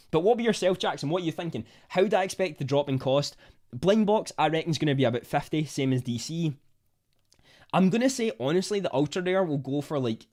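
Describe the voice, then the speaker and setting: A young man with a Scottish accent chatting casually on a livestream, reading out viewer comments with bursts of excitement. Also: a little high. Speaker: livestream host.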